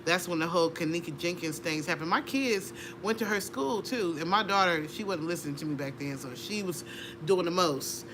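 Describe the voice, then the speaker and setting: A middle-aged woman, an interview guest, telling a personal story with animated energy, laughing and acting out voices. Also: on the low side, fairly quick, noisy background. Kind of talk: conversational storytelling.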